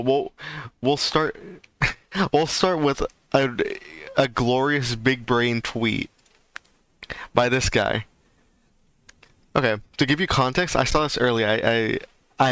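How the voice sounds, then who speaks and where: A man's voice: mid-range voice, fairly even intonation, a little slow, pauses often, fairly bright tone, clear, resonant tone, no echo. A man chatting casually on a livestream, rambling and ranting with lots of fillers. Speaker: streamer.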